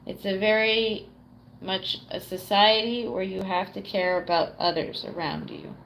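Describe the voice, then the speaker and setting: A woman's voice: medium pitch, expressive, unhurried, gravelly, a bit bright, slight background noise. Chatty, profane woman streamer. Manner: chatty, swears freely, laughs often, reads chat aloud. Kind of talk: casual live-stream chat.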